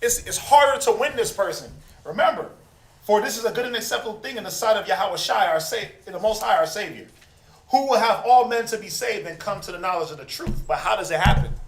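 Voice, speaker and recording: Animated high-voiced man teaching scripture. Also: quick pace. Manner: animated, acts out quoted people, calls for responses. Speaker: Bible class teacher. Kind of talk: interactive scripture class. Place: room with class members. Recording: echoey room.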